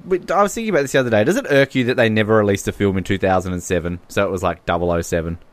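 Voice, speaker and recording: A man co-hosting a podcast, joking in casual chat while watching a movie. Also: fairly low pitch. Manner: jokey, quick asides, playful voices. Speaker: podcast co-host.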